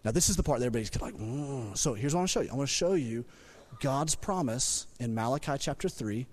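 Animated male pastor preaching. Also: fast talker. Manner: animated preaching, rising loud when emphatic, dropping low for points. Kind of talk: sermon. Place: church sanctuary.

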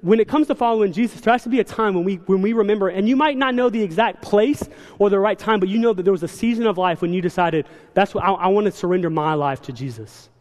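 A young man preaching a sermon in a church, telling stories with quick, animated asides. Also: high-pitched. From South Carolina. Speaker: church speaker. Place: large church hall. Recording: long hall reverb.

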